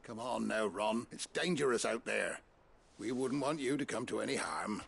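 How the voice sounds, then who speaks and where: An actor playing a calm, steady ally in a video game, soothing and urging others. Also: male voice, on the low side, normal speed, creaky, husky.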